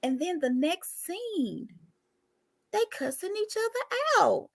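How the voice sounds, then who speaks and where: A woman with a high, very lively voice hosts a casual reality TV recap chat, laughing often and hopping from topic to topic. The recording is dry and close. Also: slow pace, gravelly, no room sound. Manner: chatty, laughs often, jumps between topics. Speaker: host of a reality TV recap show.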